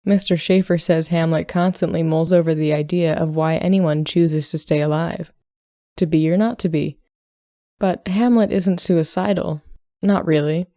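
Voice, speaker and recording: A woman's voice: low voice, fairly even intonation, moderate pace, mellow, no echo, clean studio sound. Woman reading as a troubled young son. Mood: earnest. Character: troubled young adult son, shaky, pleading.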